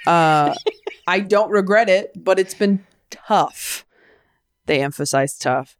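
Young woman podcast host, kinda low voice, sarcastic and animated, totally dry mic. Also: measured pace, no room sound. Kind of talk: casual chat. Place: living in New York.

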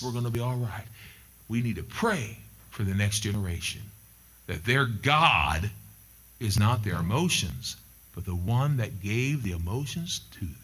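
A man's voice: on the low side, lively intonation, measured pace, a bit bright, breathy edge. A middle-aged male pastor delivering a sermon, telling stories and repeating key points for emphasis. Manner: emphatic, repetitive storytelling preacher.

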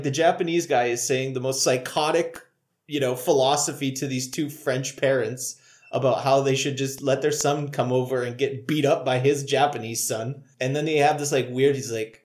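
A man's voice: medium pitch, a little mellow. A man co-hosting a casual comedic movie review chat, laughing often and joking in mock courtroom banter. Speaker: podcast co-host.

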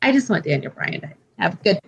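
Animated, bright-voiced woman telling a story. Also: medium pitch, fast, vocal fry, highs cut off. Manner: animated storytelling with frequent swearing and "like". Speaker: podcast co-host. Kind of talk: casual chat.

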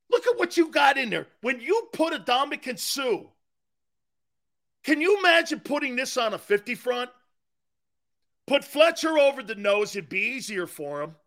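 High, lively sports talk man. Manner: excitable, emphatic, swings between shouting and low asides. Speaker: sports talk show host. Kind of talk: animated sports talk monologue.

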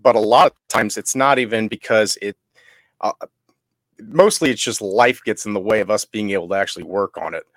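A man's voice: fairly low pitch, fairly quick, a bit bright, dry recording, studio quality. A man who writes an audio drama podcast, talking casually and rambling, with frequent laughs. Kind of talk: casual chat on a remote call.

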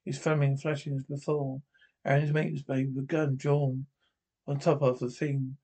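A man's voice: mid-range voice, little pitch movement, normal speed, mellow. A man reading a scripted description of a TV episode aloud, naming each speaker before the line. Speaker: audio describer.

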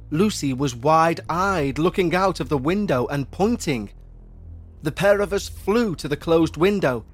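A man in measured, scripted narration of a listener's eerie story. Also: on the high side.

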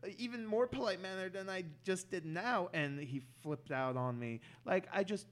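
Young male comic, podcast guest; a touch high-pitched, lively, trips over his words. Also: normal speed. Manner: animated, stammering restarts. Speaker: stand-up comedian, podcast guest. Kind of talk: casual podcast chat.

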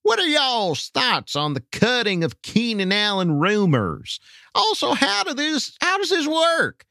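A man's voice: very high voice, wildly swooping pitch, no room sound, studio quality, pitched above the performer's own voice, full character voice. A man putting on a chirpy, bubbly young woman's voice to read out a listener's question. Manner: bright, sing-song and eager, slow deliberate delivery. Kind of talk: reading a listener question in a put-on voice.

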